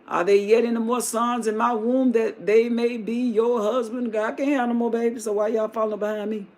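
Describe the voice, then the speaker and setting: A woman's voice: fairly high pitch, little pitch movement, fairly quick, darkish tone, lightly acted. A woman voicing a grieving aging widow who pleads with her daughters-in-law in a folksy, weary way during a live Bible retelling. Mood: pleading.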